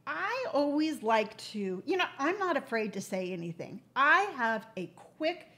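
High-voiced chatty woman in her sixties. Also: a little slow. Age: 60s. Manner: chatty, animated storyteller. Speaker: livestream host. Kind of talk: casual chat.

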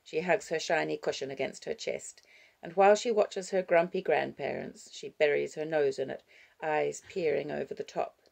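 A woman reads an audiobook in a low, gravelly voice, delivering scripted narration in a measured, expressive manner.

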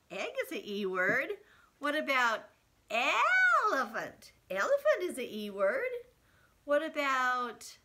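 A middle-aged woman teaching young children their letters in a video lesson, speaking slowly and straight to the kids. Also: very high voice, bright, forceful tone. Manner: slow, sing-song, talks straight to children. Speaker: preschool teacher.

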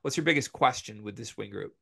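A young man co-hosting a casual sports talk show, animated and opinionated as he ranks players, with the hiccups. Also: on the low side, gravelly, breathy edge. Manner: animated, opinionated, quick rankings. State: has the hiccups. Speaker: podcast co-host.

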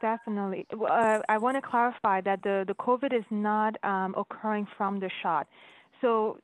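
A woman's voice: mid-range voice, steady tone, moderate pace. A woman physician answering community questions on a virtual town hall, explaining patiently with frequent restarts. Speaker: guest physician. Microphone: video call. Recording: dry phone-like audio.

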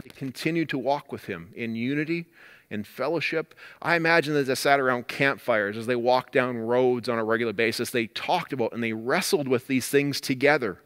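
A man preaching a sermon as pastor, earnest, swinging up and down in pitch and loudness for emphasis and restarting words now and then. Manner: earnest, rises and drops in pitch and volume for emphasis.

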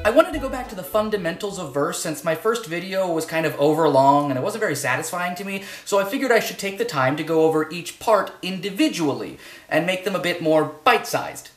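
A woman's voice: lowish voice, animated, brisk, faint music behind. A woman gives a casual online lesson, playful and enthusiastic, her voice swooping up and down with lots of melody. The recording carries a noticeable roomy echo. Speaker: online teacher. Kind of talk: casual educational talk.

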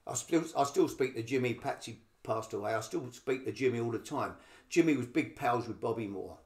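Speaking fairly quickly in a mid-range voice, an older Cockney man from England rambles through anecdotes as a podcast guest, voicing other people's lines. The recording is reverberant.

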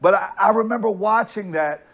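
An American pastor preaching with emphatic storytelling, his voice sitting fairly high for a man. He doubles back on words as he builds a point. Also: normal speed, fairly bright tone. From United States. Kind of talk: sermon.

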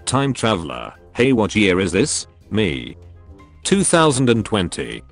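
Low, animated male voice-over reading meme captions briskly over clear music. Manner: brisk caption-by-caption reading, quick jumps between jokes. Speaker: meme compilation narrator.

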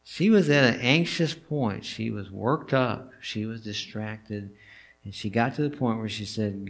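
A male pastor preaching a sermon in a church, telling the story in an animated way and asking the listeners questions. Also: on the low side, a little slow. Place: church sanctuary.

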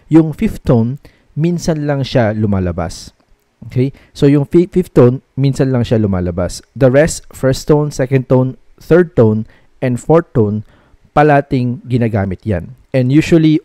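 A man's voice: mid-range voice, mellow, dry recording, clean studio sound. A man with a Filipino accent teaching a language lesson, mixing English and Tagalog and often checking in with "okay?". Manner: switches between English and Tagalog. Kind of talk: casual video lesson.

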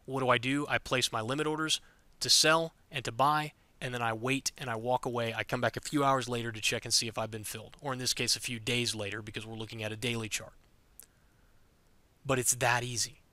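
A man teaching pattern trading while walking through charts, talking fast and direct. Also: mid-range voice, fairly even intonation, pushed and bright, no room sound. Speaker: trading educator. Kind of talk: screen-recorded chart walkthrough.

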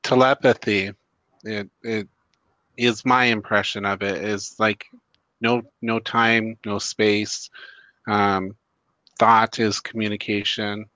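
A man co-hosting a live psychic show. He chats in a soft, agreeable, unhurried way. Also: on the low side, flat delivery, dry recording, rough recording. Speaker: psychic co-host. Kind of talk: casual live-stream chat.

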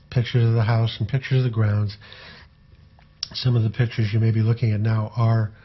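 An older man, a former tour photographer, recalling his memories in an unhurried, rambling way with frequent fillers. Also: medium pitch, husky, lo-fi sound. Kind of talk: conversational anecdotal storytelling.

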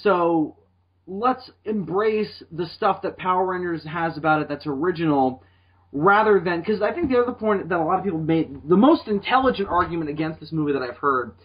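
A husky man co-hosts a podcast in loose, casual chat. His pitch swings up and down as he works through ideas, and he often restarts mid-sentence. The sound is dull and lo-fi. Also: moderate pace. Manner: rambling, animated, frequent restarts. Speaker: podcast co-host.

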